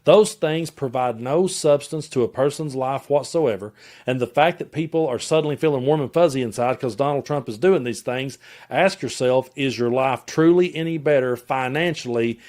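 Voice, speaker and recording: A man's voice: mid-range voice, moderate pace, a little mellow. A man with a Tennessee Southern accent hosting his own channel, giving an impassioned, emphatic political rant straight to his viewers. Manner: direct, emphatic, addresses viewers and politicians head-on. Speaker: political commentator and channel host.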